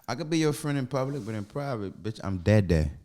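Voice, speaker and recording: A man's voice: lowish voice, sing-song, brisk, dark tone. A man with a New Orleans accent, a comedian guest on a podcast, chatting casually in slangy, profane, loose storytelling. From New Orleans, USA.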